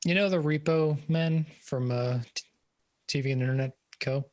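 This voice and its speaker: A young man playing in a tabletop game, making quick joking asides in casual chat. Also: on the high side. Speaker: player.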